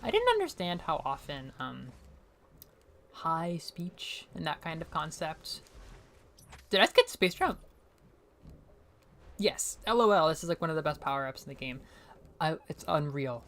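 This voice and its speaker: Chatty low-voiced young woman streamer. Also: big pitch swings, a little slow, vocal fry, long pauses, fairly bright tone, a little hiss or hum. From New England. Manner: chatty, rambling, heavy on fillers and frequent laughs. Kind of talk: casual gameplay commentary.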